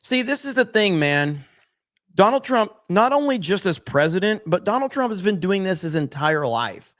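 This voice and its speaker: A man's voice: high voice, very animated, moderate pace, a bit bright, no room sound. A man hosting a live stream, commenting on news clips in an emphatic way and repeating his points. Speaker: streamer host.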